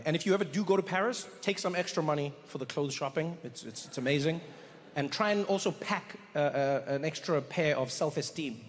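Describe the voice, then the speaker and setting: South African comedian in a large echoing hall. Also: male voice, a little high, brisk, slight background noise. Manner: animated, acts out other people's voices. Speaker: stand-up comedian. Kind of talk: stand-up storytelling. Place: large theatre stage. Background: audience laughter.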